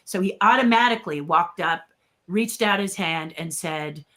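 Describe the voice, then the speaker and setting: Older woman, guest puppeteer, animated storyteller who plays out the dialogue. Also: on the low side, moderate pace. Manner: lively storyteller who acts out quoted dialogue. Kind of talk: casual storytelling in an interview.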